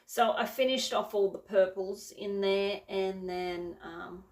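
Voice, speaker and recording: Slow, gravelly-voiced woman vlogging from afar. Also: mid-range voice, fairly even intonation, darkish tone. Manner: rambling, self-correcting, filler-heavy. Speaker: cross-stitch vlogger. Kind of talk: casual show-and-tell chat. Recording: roomy, from a distance.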